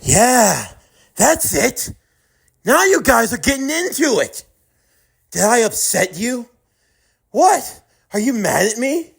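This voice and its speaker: A man's voice: very high voice, big pitch swings, slow, gravelly, long pauses, slightly rough, pitched above the performer's own voice, heavily acted. Mahito, a man voicing a sing-song mocking curse villain. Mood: taunting. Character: taunting sadistic male curse villain.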